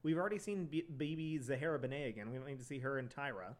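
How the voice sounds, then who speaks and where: A man's voice: medium pitch, rapid-fire. A man co-hosting a podcast in casual chat, swearing freely and acting out quotes as he recaps a TV show. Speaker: podcast co-host.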